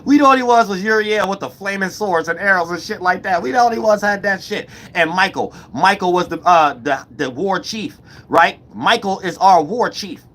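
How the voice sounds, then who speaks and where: Channel host, male, slightly high voice, rambling loose slangy delivery, profane, keeps checking in with viewers. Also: normal speed, few pauses, a bit bright. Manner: rambling, repeats "you know what I'm saying". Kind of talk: casual monologue to viewers.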